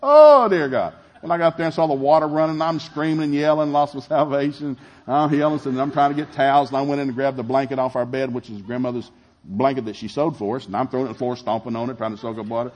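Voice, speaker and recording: A middle-aged man preaching a sermon, telling a family story with animated, shouted retellings. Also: mid-range voice, fast talker, dull audio. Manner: animated, shouting in acted-out scenes, laughing. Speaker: pastor.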